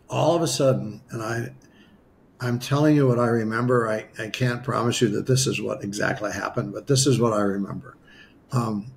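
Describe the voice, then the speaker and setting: Gravelly man telling a personal story. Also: mid-range voice, slight background noise. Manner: animated, acts out his own past dialogue; conversational, with many asides and restarts. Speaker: spiritual healer guest.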